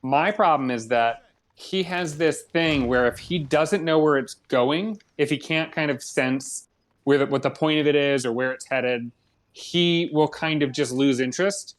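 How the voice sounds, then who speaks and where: A man's voice: a little high, unhurried. A young man co-hosting a casual gaming podcast, a chatty storyteller who acts out both sides of a conversation. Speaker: podcast co-host.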